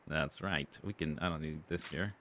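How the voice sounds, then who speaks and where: A man's voice: rumbling low, normal speed, bright, forceful tone. A man streaming a survival game, chatting casually and rambling as he goes through his gear and plans. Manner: chatty, rambling, self-correcting. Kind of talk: casual gameplay commentary.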